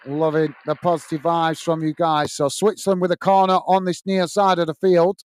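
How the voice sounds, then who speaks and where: Speaking at normal speed in a fairly high, level tone, a British man hosts a live football watch-along. He calls the play and brightly reads out viewer messages, and the recording has no echo.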